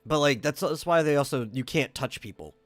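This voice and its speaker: A man's voice: a little high, fairly quick, dry recording, soft background music. A man co-hosting a casual online talk show, chatty and opinionated, often repeating words as he starts. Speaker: podcast co-host. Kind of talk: casual chat.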